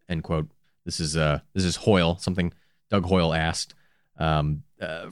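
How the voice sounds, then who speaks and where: A man's voice: low-pitched, measured pace, smooth, dry recording, studio quality. A man co-hosting a true-crime podcast, telling the story casually with wry asides and some swearing. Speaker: podcast co-host.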